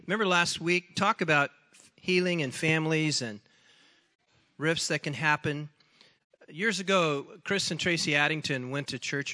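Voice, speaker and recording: A man's voice: on the high side, bright, forceful tone. A man addressing a church congregation in a conversational way, introducing a testimony. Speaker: church leader sharing a testimony. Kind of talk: casual church announcement. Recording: long reverb of a church hall.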